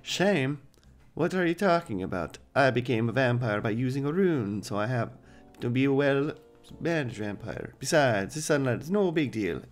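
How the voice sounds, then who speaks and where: A man's voice: medium pitch, animated, normal speed, soft background music, close to an everyday voice. Man reading as a smug vampire lord. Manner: puts on a vampire voice while reading game text. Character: smug male vampire lord, casually menacing.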